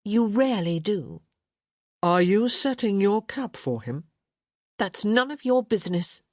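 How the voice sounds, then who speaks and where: A woman voicing a tart, sharp-tongued young lady. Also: medium pitch, sing-song, a little slow, no echo, clean studio sound, pitched above the performer's own voice. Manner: tart and firm.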